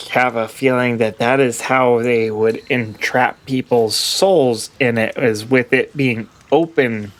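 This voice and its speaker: A man playing a tabletop role-playing game, speaking in character in a measured, wry way. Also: mid-range voice, fairly bright tone. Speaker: player.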